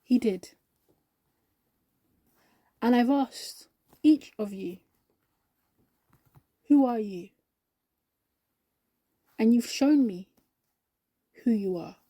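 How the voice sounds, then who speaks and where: A woman voicing a calm, mysterious male stranger in a storybook reading, speaking gravely and deliberately. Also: on the high side, dry recording, clean studio sound. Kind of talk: storybook character voice.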